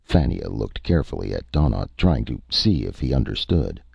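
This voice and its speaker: A man reads a science fiction story aloud with a very deep, dark, gravelly voice. His pitch moves in a lively way across each sentence. The recording is dry and slightly muffled. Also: normal speed, dry recording. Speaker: narrator. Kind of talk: audiobook story reading.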